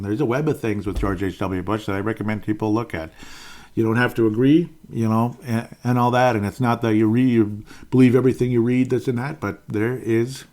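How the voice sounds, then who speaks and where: Male podcast host in his 50s, low voice, rambling opinionated solo commentary with chuckles. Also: a little mellow. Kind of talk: political commentary monologue.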